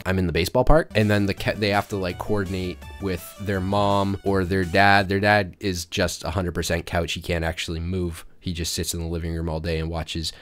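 A man who says he is sick, rambling and joking to his viewers as he draws a cartoon family in casual commentary. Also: low voice. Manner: rambling, jokey, talks to chat. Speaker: YouTube drawing creator.

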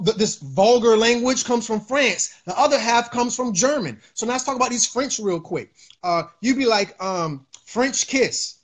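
High-pitched male streamer; loose, preachy riffing with filler words and repeats. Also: fairly bright tone. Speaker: livestream host. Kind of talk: casual livestream monologue.

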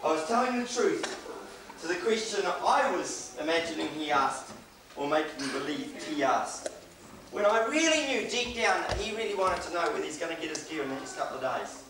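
A man's voice: on the high side, sing-song, fairly quick. A man with a New Zealand accent preaching a sermon in a church, conversational and joking now and then. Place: church hall. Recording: echoey hall, distant mic, faint hiss.

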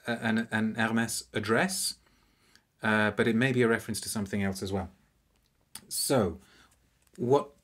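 Chatty low-voiced man reviewing live. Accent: non-French, anglicised French pronunciation. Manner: chatty, animated, with frequent restarts and laughs. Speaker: perfume reviewer hosting a live stream.

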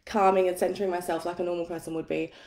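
A woman in her thirties, tired and a bit husky from an early start, hosting a live money masterclass from home on her phone in a chatty, self-deprecating way with plenty of swearing. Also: lowish voice, flat delivery, very fast, a little mellow, reverberant. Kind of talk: casual livestream teaching. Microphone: phone on a tripod.

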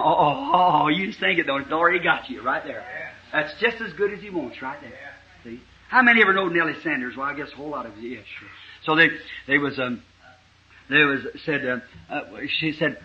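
A man preaching a revival sermon with a southern Indiana accent, telling a folksy story and rising to fervent shouts, on a lo-fi 1960s church tape. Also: a little high, expressive, a little fast.

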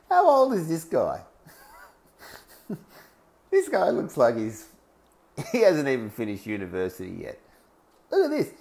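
An Australian man rants in a commentary over news clips. His voice swoops up and down as he mocks, laughs between phrases and stacks up emphatic one-word lists. His pitch sits mid-range for a man. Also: measured pace, pauses often. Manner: animated, mocking, often laughing between phrases; emphatic lists of single words. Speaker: online commentator.

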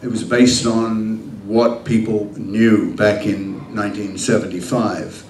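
An older man answering fan questions at a convention, telling lively anecdotes and acting out the dialogue, laughing often. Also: fairly low pitch, slow. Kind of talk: convention Q&A storytelling. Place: large convention hall. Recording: echoey hall, heard from far off, faint hum.

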